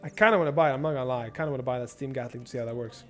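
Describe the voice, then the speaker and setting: A young man streaming a strategy game, swearing and thinking out loud as he plans and shops. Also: mid-range voice, very fast, faint music behind. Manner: profane, rambling, thinks out loud. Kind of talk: casual gameplay livestream commentary.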